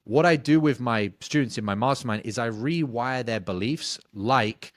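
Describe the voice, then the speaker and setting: A man, a sales coach answering interview questions bluntly, swearing casually and telling animated stories. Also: mid-range voice, normal speed, no echo.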